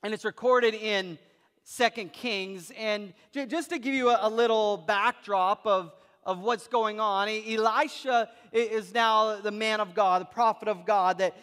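A man's voice: high voice, fairly bright tone. A man preaching a sermon as a pastor, telling a story with frequent repetitions and restarts. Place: church hall. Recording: reverberant church hall.

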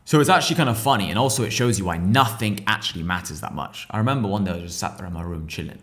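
A young man in his twenties, a podcast guest telling a story in slangy, profane, lively casual talk. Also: fairly low pitch, racing. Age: 20s. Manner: profane, slangy, animated retelling.

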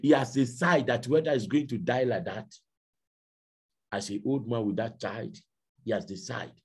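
A man preaching a sermon, telling a story dramatically and swinging from hushed to shouting. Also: mid-range voice, normal speed. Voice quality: very husky. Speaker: pastor.

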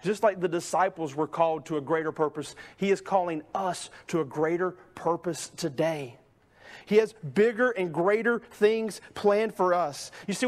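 A man pastor preaching a sermon in a conversational way, often tagging sentences with "right?" and acting out the voices of people in the story. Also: high voice. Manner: conversational preaching, many "right?" tags, acts out quoted voices. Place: church sanctuary.

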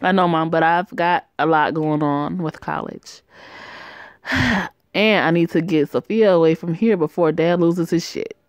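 A woman puts on a brash young college man, all swagger and crude jokes. The voice sits low and close to the mic, with a dry, dead sound. It comes from a home-made game drama. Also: a little slow, dry recording. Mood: weary. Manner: brash and teasing.

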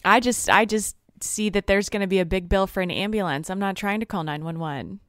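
A woman's voice: mid-range voice, brisk, a bit bright, dry recording, clean studio sound. A woman co-hosting a podcast, telling a rambling story in casual chat and laughing often. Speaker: podcast co-host.

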